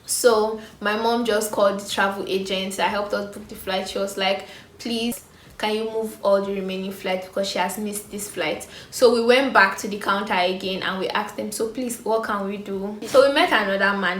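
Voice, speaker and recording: Nigerian woman telling an animated story. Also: mid-range voice, a little hiss or hum. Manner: animated storytelling, acting out other people's lines. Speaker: vlogger. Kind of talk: storytime vlog. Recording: echoey room with faint ambience.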